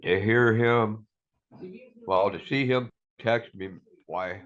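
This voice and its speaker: A middle-aged man with a very low voice speaks in an earnest, rambling way, dropping "man" into almost every sentence as he shares a personal testimony. The sound is a bit dull and muffled. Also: slow, fairly bright tone. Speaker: community member sharing a testimony.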